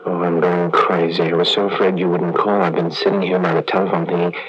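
A man's voice: low voice, level tone, fairly quick, very noisy, close to an everyday voice. A man acting a frantic husband on the phone in a vintage radio comedy sketch, stammering and dropping to urgent whispers. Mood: anxious. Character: anxious middle-aged man caught in an affair. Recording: dull lo-fi vintage radio recording.

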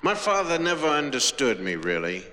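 A man's voice: on the high side, big pitch swings, moderate pace, pushed and bright. Slangy rambling comic man. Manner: hip slang, loose and rambling. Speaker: comedian. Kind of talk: comic monologue.

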